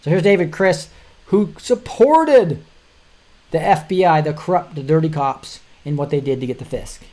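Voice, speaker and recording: A man's voice: on the high side, moderate pace, dark tone. A middle-aged man hosting a show, talking casually through news articles in a rambling way with frequent restarts and short chuckles. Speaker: show host.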